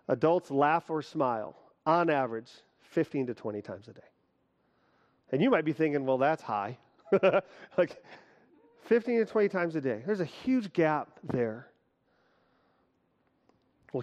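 A man preaching a sermon from a church stage, energetic and leading the congregation through a laughter exercise. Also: a little high, dull audio. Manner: energetic, leads the crowd in laughter. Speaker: pastor.

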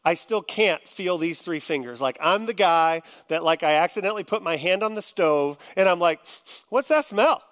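High-voiced impassioned preacher man. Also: normal speed, hardly any pauses. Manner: heartfelt, swings from quiet confiding to loud impassioned venting. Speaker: pastor. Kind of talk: sermon.

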